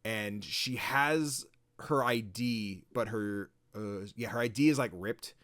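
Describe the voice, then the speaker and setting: Male podcast host, casual and animated, dry close-mic sound. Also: fairly low pitch, takes it slowly, no room sound. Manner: animated, acts out voices, swears casually. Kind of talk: casual chat.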